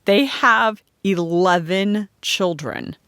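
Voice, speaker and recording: A woman voicing a brisk, teasing, practical friend who loves sharing news. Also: on the low side, animated, a bit bright, no room sound, studio quality.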